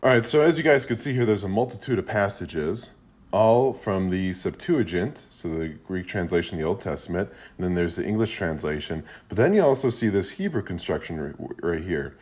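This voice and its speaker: A man's voice: low voice, lively intonation, fairly quick. A man hosting a short video, explaining a point of scripture in an earnest, teacherly way with casual fillers. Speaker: Christian apologetics video host. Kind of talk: casual explanatory talk to camera.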